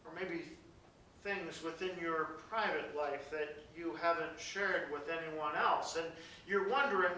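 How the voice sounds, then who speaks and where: A pastor preaching a sermon, reading scripture dramatically and dropping into soft, hushed passages. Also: male voice, fairly high pitch, a little slow, a little hiss or hum. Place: large church. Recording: very echoey church from a distance.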